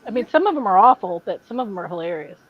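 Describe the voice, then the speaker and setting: A woman hosting a casual podcast chat, telling animated stories and laughing along. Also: mid-range voice, racing, lo-fi sound. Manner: animated storyteller, mimics people she describes. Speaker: podcast host.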